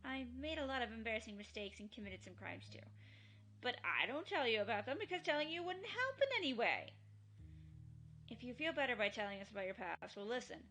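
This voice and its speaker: A woman's voice: on the high side, sing-song, a little fast, fairly bright tone, a little hiss or hum. A bold, caring teenage girl, voiced by a woman. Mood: earnest. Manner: earnest, rousing. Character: teenage girl, bold, warm-hearted club leader. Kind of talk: visual novel fan dub.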